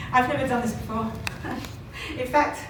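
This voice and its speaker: A woman giving an emphatic motivational talk on stage, repeating her points and laughing often. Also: high voice. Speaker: motivational speaker. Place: large conference hall, on stage. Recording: echoey hall from far off, noisy.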